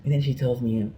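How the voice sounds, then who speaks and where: A man's voice: mid-range voice, gravelly, warm tone, a little hiss or hum, low-quality recording. A man vlogging an emotional personal rant, rambling and frustrated, often restarting his sentences.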